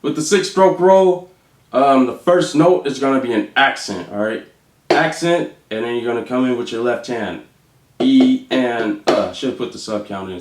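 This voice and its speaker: A man explains drum rudiments and counts out the beats in a slow, rhythmic way. The room rings with a noticeable echo, and there is a faint hiss underneath his voice. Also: medium pitch, lively intonation. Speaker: drum teacher. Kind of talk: instructional demonstration. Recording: echoey room with faint noise.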